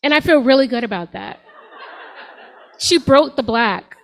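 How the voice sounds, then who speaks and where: Sassy woman in her 40s doing stand-up, high voice, chatting with the crowd at a club. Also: lively intonation, measured pace, vocal fry, a little hiss or hum, poor audio. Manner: sassy, conversational, addresses the crowd. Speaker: stand-up comedian. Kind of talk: stand-up set. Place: comedy club stage.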